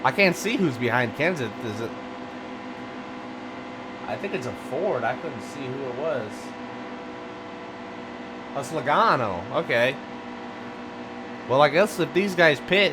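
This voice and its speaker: A man giving live commentary on a racing game, grumbling and ranting, swinging from low muttering to loud outbursts. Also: expressive, a little slow, long pauses. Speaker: gaming video host. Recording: game engine noise behind voice. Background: racing game car sounds.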